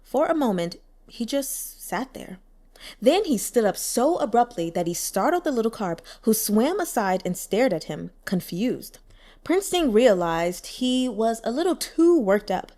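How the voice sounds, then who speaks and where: Woman, audiobook narrator, animated expressive reading, bright higher voice. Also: measured pace. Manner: expressive storytelling with lively pitch. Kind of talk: scripted narration.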